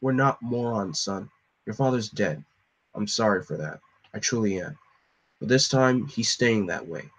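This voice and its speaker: A man playing a cold, hushed government agent. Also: unhurried, rough recording. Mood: cold, dismissive. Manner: low, hushed, condescending.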